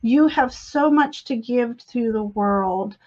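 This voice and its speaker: A woman doing a live spiritual reading on a webcam, in a gentle, encouraging manner. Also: a little high, slow pace, highs cut off. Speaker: psychic reader.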